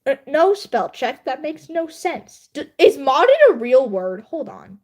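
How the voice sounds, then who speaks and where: This young livestreamer and writer has a high, sing-song voice with a darkish tone and a measured pace. She chats casually while editing, laughing often and making fun of herself.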